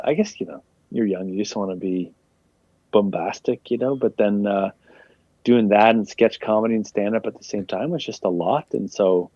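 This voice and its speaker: A young male comedian chats in a loose, rambling way. His voice is low and mellow. The recording is dull and lo-fi, with a dry, close sound. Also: no room sound. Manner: rambling, laid-back, lots of "like" fillers. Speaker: guest comedian. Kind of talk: casual interview chat.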